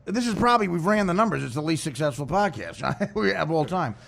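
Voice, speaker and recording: A man with a high, gravelly voice hosts a casual podcast chat. His pitch swings widely as he teases his guest. He laughs often and trips over his own restarts. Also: animated, brisk, fairly bright tone. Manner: teasing, laughing, stumbling restarts. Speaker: host.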